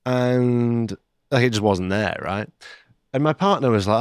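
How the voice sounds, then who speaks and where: A man co-hosting a travel podcast, telling stories in a relaxed, chatty way. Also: lowish voice, normal speed, dry recording, studio quality. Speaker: podcast co-host. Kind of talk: casual chat.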